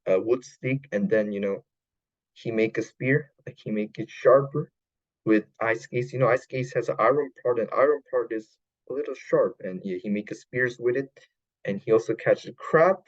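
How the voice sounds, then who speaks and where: Halting man retelling a film. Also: lowish voice, darkish tone, muffled recording. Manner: halting, many fillers and restarts, non-native grammar. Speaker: podcast host. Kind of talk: casual retelling of a film plot.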